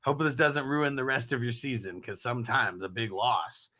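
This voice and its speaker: A man's voice: mid-range voice, steady tone, moderate pace, pushed and bright. A man hosting a casual sports chat, telling stories with lots of laughter and fillers. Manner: chatty, laughing storyteller, many fillers. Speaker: host.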